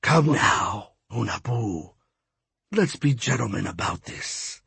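A man voicing a smug, menacing male god of death, talking in a silky, mocking, pompous way, lower and softer than his reading voice. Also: animated, takes it slowly, gravelly, breathy edge, no echo, exaggerated voice.

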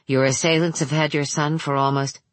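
A woman reading a novel aloud, voicing a brisk, dry-witted female federal agent who talks in clipped, matter-of-fact lines. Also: deep voice, level tone, no room sound, close to an everyday voice.

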